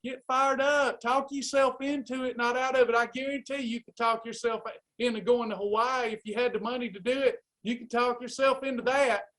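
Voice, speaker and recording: A man's voice: very high-pitched, fairly even intonation, brisk, a bit bright. A man coaching a live weight loss class, urging listeners on in a fired-up, preacherly way. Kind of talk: live class pep talk.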